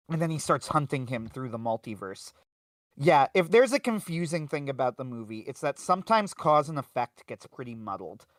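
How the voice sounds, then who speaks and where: A man recapping a film on a casual livestream, animated and full of "uh"s and quick restarts. His voice sits at an ordinary middle pitch. The sound is close and dry, with no room echo. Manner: animated retelling with frequent fillers and restarts. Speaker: podcast co-host.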